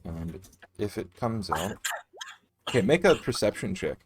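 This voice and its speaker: A man's voice: on the low side, very animated, unhurried, soft background music. A man narrating casually as game master in a tabletop game, with frequent swearing.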